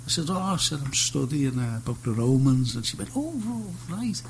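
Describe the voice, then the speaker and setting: A man's voice: medium pitch, brisk, vocal fry, slight background noise, low-quality recording. A man hosting a radio chat show, jokey and chatty, telling his own stories. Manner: jokey, chatty, breaks in eagerly.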